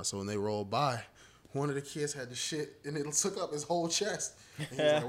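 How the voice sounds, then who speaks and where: A man hosting a podcast, telling animated stories in casual chat and swearing freely. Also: mid-range voice, fairly quick. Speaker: podcast host.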